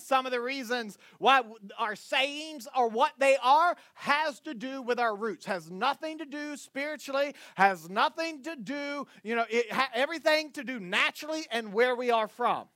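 Southern pastor, man, very high voice, joking sermon storyteller, teases the crowd. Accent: Southern US (Northwest Florida). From Northwest Florida, USA. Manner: joking, animated storytelling, quick asides to the crowd. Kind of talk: sermon with jokes to a congregation.

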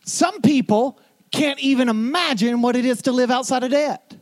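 A man's voice: very high voice, normal speed. A man preaching a sermon as a pastor, retelling stories with building intensity.

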